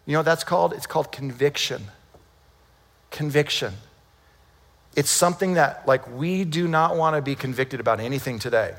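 A male pastor preaching in a lively, conversational way, full of rhetorical questions. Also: a little high, moderate pace, big-room sound. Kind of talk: sermon.

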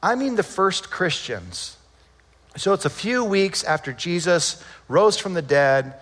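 Chatty, animated male preacher, slightly high voice, big echoing hall. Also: unhurried. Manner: animated, conversational, rhetorical questions. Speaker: pastor. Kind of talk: sermon.

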